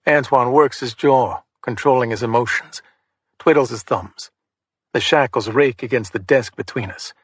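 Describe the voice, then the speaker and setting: Guy narrating a gritty crime audiobook, first person, mid pitch, dry close sound. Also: breathy edge, no room sound. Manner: measured, hard-boiled.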